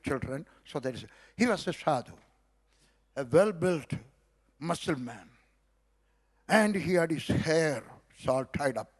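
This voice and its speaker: A middle-aged man from South India with an Indian accent, telling a story as a sermon and acting out the dialogue. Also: a little high. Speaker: preacher. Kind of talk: sermon testimony.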